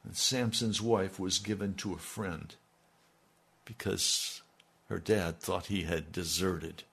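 Male preacher, gravelly and husky, folksy sermon storytelling with asides. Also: deep voice, slow pace, a bit bright. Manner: folksy retelling with conversational asides.

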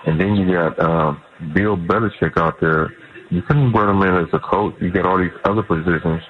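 A man's voice: low-pitched, fairly even intonation, normal speed. A man calling in to a sports radio show, earnest and rambling, circling back to the same point. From Cleveland, USA. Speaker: caller. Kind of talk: call-in sports radio talk. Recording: dull lo-fi phone call.

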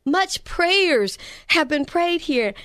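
A woman voicing an elderly Jamaican grandmother with a Jamaican accent who calls out loudly and fervently. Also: very high voice, expressive, no echo, clean studio sound, pitched above the performer's own voice, heavily acted. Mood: awestruck. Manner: exclaiming loudly, drawn-out.

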